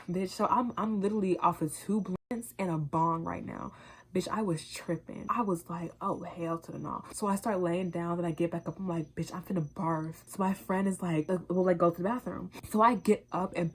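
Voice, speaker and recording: A young woman vlogger with a somewhat low, husky voice. She tells a chatty storytime, peppered with profanity and lively acted-out quotes of herself and her friends. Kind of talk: casual storytime chat.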